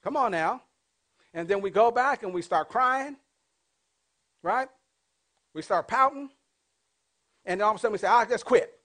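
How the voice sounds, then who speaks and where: A man in his fifties preaching a sermon as pastor, asking the congregation call-and-response questions and swinging between loud and hushed delivery. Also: high-pitched, lively intonation, normal speed, long pauses. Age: 50s.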